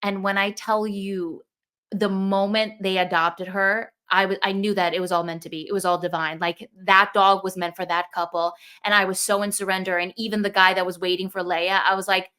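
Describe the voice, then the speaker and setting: A young woman telling a personal story in casual conversation, animated and acting out the thoughts she quotes. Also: medium pitch, normal speed, smooth. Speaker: podcast guest.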